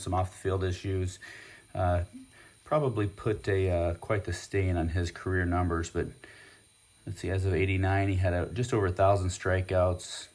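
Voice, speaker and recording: A man's voice: low voice, darkish tone. A man hosting a casual vlog, chatting and rambling with many fillers as he opens packs of cards. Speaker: host. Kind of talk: casual card-opening vlog.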